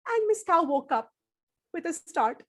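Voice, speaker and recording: A woman telling a children's story live, animated and speaking straight to her young listeners with dramatic pauses. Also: very high voice.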